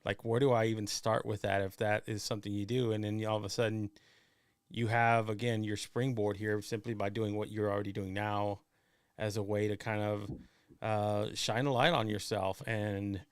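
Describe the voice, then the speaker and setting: A man's voice: lowish voice, flat delivery, normal speed, clear, resonant tone, no room sound, studio quality. A man hosting a live stream show, talking casually to his guest and viewers, with a lot of fillers and restarts. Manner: rambling, many fillers and restarts, addresses viewers as folks. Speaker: host. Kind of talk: casual interview chat. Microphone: live stream setup.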